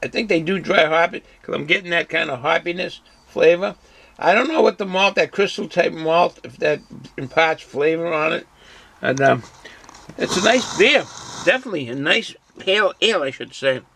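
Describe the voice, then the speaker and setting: A man casually reviewing a beer on his vlog, relaxed and rambling, with lots of ums and uhs. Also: fairly high pitch, moderate pace, vocal fry. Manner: relaxed, rambling, many fillers; chews and hums while eating.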